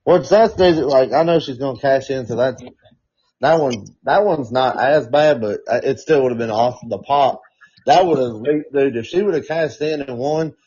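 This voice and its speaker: A husky man talks through a wrestling podcast in a rambling, profane way, stacking fillers as he tells a story. His voice sits at an ordinary pitch. The audio is dull and lo-fi. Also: moderate pace, darkish tone. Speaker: podcast co-host. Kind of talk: casual wrestling chat.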